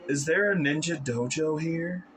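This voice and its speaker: A man's voice: a little high, measured pace, fairly bright tone, pitched above the performer's own voice. A man voicing a young male ninja disguised as a shy rice trader, polite aloud and tense in his thoughts. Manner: polite, meek when speaking aloud, tense muttering inside. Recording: background music under the voice.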